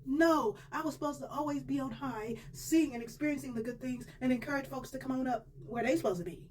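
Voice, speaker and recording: Animated woman sharing a faith testimony. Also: high-pitched, fairly quick. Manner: animated, emphatic storytelling with colloquial phrasing. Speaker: testimony speaker. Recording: distant mic with faint background noise.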